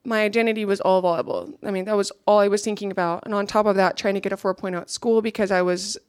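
A woman's voice: medium pitch, fairly even intonation, quick pace, smooth, no echo, clean studio sound. A young woman giving an earnest, reflective personal testimony to a gathering, now and then checking her notes.

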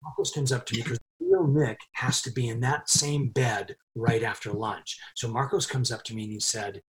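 A middle-aged man telling a crew anecdote in a casual interview, animated and quick to laugh. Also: medium pitch. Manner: animated storyteller, laughs often while telling. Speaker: film crew member telling a story.

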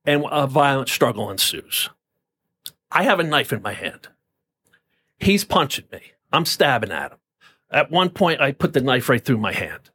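A man's voice: mid-range voice, big pitch swings, normal speed, long pauses, sharp tone, slightly rough. A man from New Jersey telling a personal story as a podcast guest, intense and profane, often stammering and repeating words.

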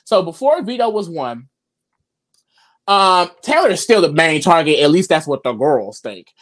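In a deep voice at an ordinary pace, this podcast co-host tells a gossipy recap story, cursing freely and performing the quotes with animated flair.

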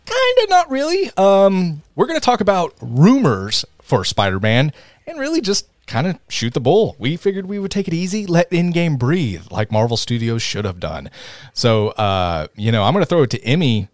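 A man's voice: on the high side, wildly swooping pitch, moderate pace, dry recording, clean studio sound. A man hosting a casual podcast chat, upbeat and teasing, laughing often. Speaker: podcast host.

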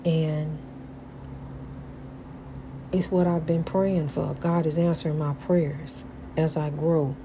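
An older woman, a grandmother, speaks in a low, level voice, slowly and with long pauses, against a noisy background. She offers casual, folksy advice about God, repeating herself and calling the listener honey, in a preachy, God-centered, encouraging way.

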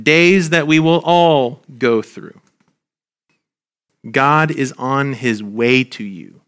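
A man preaching a sermon as a pastor, earnest and gentle, his voice dropping soft at the ends of lines. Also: medium pitch, clean tone. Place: church.

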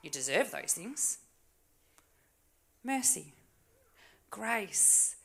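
A woman preaching a sermon in a church, talking conversationally with tag questions and dropping to soft, hushed asides. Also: mid-range voice, sing-song, extremely slow, vocal fry, slightly rough. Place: church stage.

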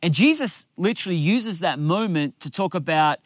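A man's voice: high-pitched, expressive, normal speed, no room sound, studio quality. A man, a lead pastor giving a sermon outdoors by a lake, in an earnest, conversational storytelling way.

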